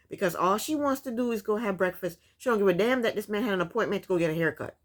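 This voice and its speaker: Brief: blunt, sassy woman recapping a TV episode in casual commentary, with a very lively, swooping voice. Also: mid-range voice. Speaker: reality TV recap YouTuber.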